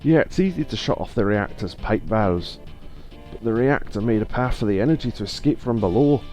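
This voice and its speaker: A man's voice: on the low side, expressive, fairly quick, a little mellow, soft background music, close to an everyday voice. A man voicing a worried company official in a video game with a Scottish accent, explaining earnestly.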